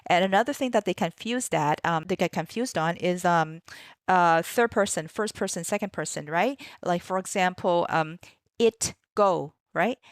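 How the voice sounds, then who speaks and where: A woman's voice: lowish voice, moderate pace, dry recording, clean studio sound. A woman ESL teacher walking through a kids' lesson plan in a chatty way, with many fillers and "right?" tags.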